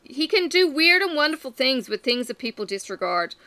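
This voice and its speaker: A woman chatting casually to camera in a lively, self-mocking way. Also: high voice, brisk, no room sound. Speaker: vlogger.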